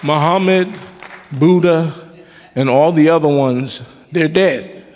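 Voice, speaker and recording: Male preacher, high-pitched voice, emphatic sermon, call-and-response, church hall with long reverb. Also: takes it slowly, darkish tone, a little hiss or hum. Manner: casual, joking asides. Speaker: worship leader preaching. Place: church sanctuary.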